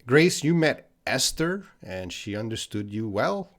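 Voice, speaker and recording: A man from Canada teaching English on a live stream answers viewer questions in a sing-song, medium-pitched voice. His explanations are patient, and he repeats words slowly for learners.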